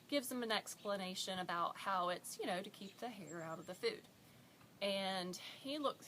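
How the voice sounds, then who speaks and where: A mother telling a funny story about her toddler in an expressive, animated way, recorded as an audition. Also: medium pitch, a little hiss or hum.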